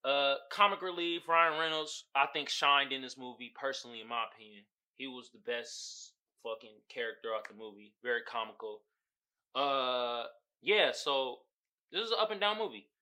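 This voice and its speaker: A man hosting a podcast, talking in a casual, slangy and profane way, animated and quick to laugh. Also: medium pitch. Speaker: podcast host.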